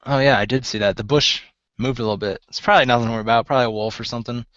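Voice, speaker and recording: A man's voice: medium pitch, fairly even intonation, very fast, fairly bright tone, no room sound, muffled recording, close to an everyday voice. A man voicing a dismissive female companion at camp, talking in an offhand way. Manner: offhand, brushing things off.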